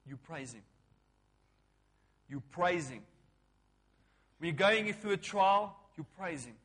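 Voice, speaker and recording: Pastor preaching emphatically. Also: male voice, high-pitched, expressive, measured pace, long pauses. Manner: emphatic preaching, swinging between loud calls and hushed lines; repetitive, call-and-response phrasing. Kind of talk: sermon.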